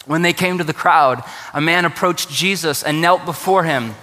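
A man's voice: on the high side, normal speed, few pauses, pushed and bright, in a large hall. A man preaching a sermon to his church, conversational and joking in his asides. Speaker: pastor.

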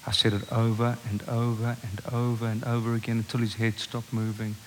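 A man preaching a passionate sermon, moving from forceful declarations to a hushed, intimate telling of a story. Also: medium pitch, completely flat delivery, fairly quick, slight background noise. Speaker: pastor. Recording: long reverb of a large hall.

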